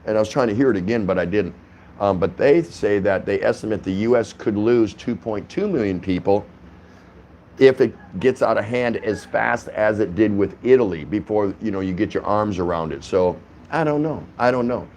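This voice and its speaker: A man's voice: lowish voice, normal speed, darkish tone, a little hiss or hum. A man hosting a casual vlog from his apartment, rambling and chatty with lots of restarts and fillers. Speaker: vlogger host. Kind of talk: casual talking-head vlog. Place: apartment indoors.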